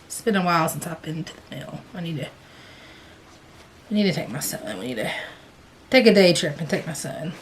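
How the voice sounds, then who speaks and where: A woman's voice: deep voice, expressive, moderate pace, long pauses, slight background noise. Chatty woman in a home craft vlog. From American South. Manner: chatty, rambling with self-corrections. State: hiccups. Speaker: cross-stitch vlogger. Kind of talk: casual chat. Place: indoors, sitting in a stitching chair at home.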